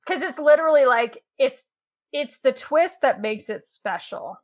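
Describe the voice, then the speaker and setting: A woman hosting a podcast, chatting casually with lively enthusiasm and the odd swear. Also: high-pitched, a little slow. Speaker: podcast host.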